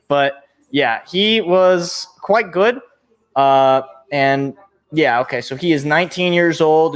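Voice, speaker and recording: A young man hosting a sports show, giving rambling, excitable live reaction commentary as events unfold. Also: on the high side. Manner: excitable, rambling, thinks aloud.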